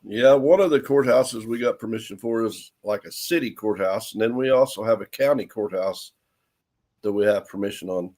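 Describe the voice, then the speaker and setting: A man's voice: lowish voice, moderate pace, a little mellow. A man in a casual conversation, explaining things in a plain, matter-of-fact way. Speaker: co-host guest. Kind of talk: casual chat.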